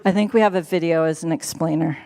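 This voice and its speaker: A woman's voice: sits low, fairly even intonation, fast, mellow. A woman on a church's staff giving a casual, playful sermon to a live congregation, chatty and laughing often. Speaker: church staff member preaching.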